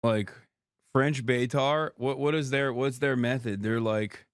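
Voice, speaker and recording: A man's voice: mid-range voice, steady tone, unhurried, clean tone, no room sound, clean studio sound. A man in his thirties giving sarcastic, profane commentary as a streamer host, laughing often. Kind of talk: casual commentary.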